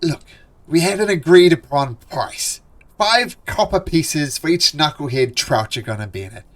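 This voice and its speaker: A gruff, bossy male dwarf fisherman shouts orders in a game voice pitched well above his usual talk, as a man puts him on. He barks and scolds at full volume, impatient and demanding. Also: animated, normal speed. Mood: insistent.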